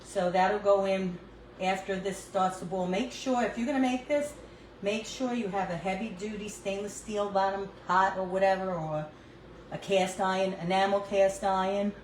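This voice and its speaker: A woman's voice: medium pitch, moderate pace. An older woman with a New York accent hosts a casual cooking livestream from her home kitchen. She chats and laughs often while she cooks and talks to her phone. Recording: echoey room, faint background noise.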